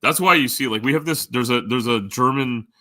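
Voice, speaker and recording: A man's voice: mid-range voice, brisk, pushed and bright, no room sound. A middle-aged man chatting casually with live viewers as a stream host, rambling with lots of fillers. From Canada. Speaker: livestream host.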